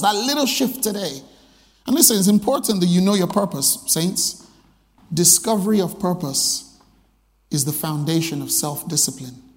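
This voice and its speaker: A middle-aged man preaching a sermon, telling family stories and often changing his pitch and voice to act out the people he quotes. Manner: animated, breaks into pitched voices for quoted characters. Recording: long hall reverb.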